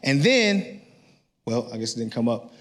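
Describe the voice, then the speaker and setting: A male pastor preaching a sermon in an energetic, conversational way, often checking in with his listeners. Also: mid-range voice, moderate pace.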